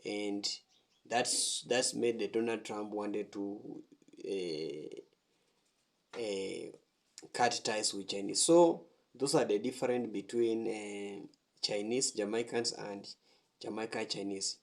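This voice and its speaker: A man hosting a reaction video, explaining in slow, repetitive phrasing. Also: fairly low pitch, creaky. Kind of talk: reaction commentary.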